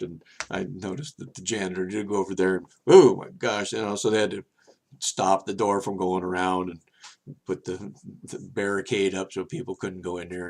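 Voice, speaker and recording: An older man with a deep voice and vocal fry hosts his own video show, rambling through personal stories with many restarts. He meanders chattily and livens up whenever he quotes someone.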